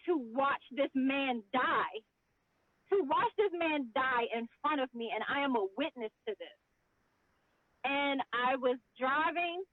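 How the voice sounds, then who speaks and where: A woman's voice: high-pitched, dry recording. A woman guest talking and performing spoken word poetry in an impassioned, rhythmic, emotional way, heard over a video call. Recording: dry, tinny phone-like audio.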